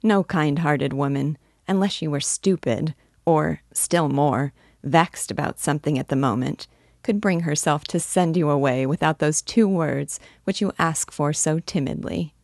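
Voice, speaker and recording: Woman voicing a gentle young woman, a little teasing, low and dry. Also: measured pace, creaky, no echo, full character voice. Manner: gentle, reassuring.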